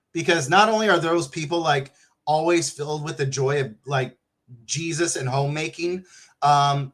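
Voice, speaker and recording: A man hosting a casual livestream, talking in an excitable, joking and profane way. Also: medium pitch. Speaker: livestream host.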